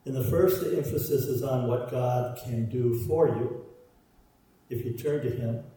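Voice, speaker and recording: A man's voice: mid-range voice, unhurried, warm tone, slight background noise. A man preaching a sermon, stressing his points through repeated parallel phrases. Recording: roomy echo, voice from far off.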